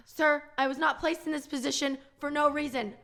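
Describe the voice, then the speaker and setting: A woman, a guest actor, playing earnest parts in improvised sketches and chatting brightly. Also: high voice, steady tone, moderate pace. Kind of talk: improv comedy.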